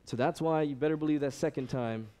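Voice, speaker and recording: A man with a fairly high voice speaks quickly, giving a sermon-style talk as a ministry director. He tells stories conversationally, acting out the people he quotes, and his animated delivery is full of fillers.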